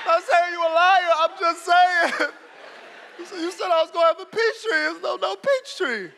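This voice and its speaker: A man's voice: extremely high pitch, moderate pace, vocal fry, sharp tone, big-room sound, slight background noise, voice pushed up, exaggerated voice. A man voicing his younger self as a sulky boy, whining indignantly at his father. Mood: whiny. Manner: whiny, indignant. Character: sulky young boy who feels lied to.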